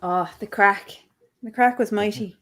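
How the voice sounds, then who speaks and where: A woman co-hosting a podcast in relaxed, teasing casual chat. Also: mid-range voice, unhurried. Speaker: podcast co-host.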